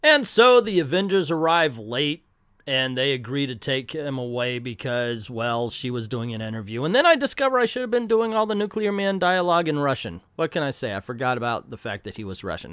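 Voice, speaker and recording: A man reviews a comic in a sarcastic, animated way, his pitch bouncing around. His voice sits slightly high and sounds dry and close, with no room around it. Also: a little slow, clear, resonant tone, no room sound. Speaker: comic book reviewer, channel host. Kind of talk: casual review commentary.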